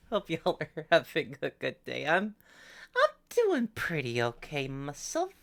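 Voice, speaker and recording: Low-voiced, playful woman streamer. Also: big pitch swings, a little slow. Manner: playful, chatty, jokingly whiny. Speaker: game streamer. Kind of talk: casual live-stream chat.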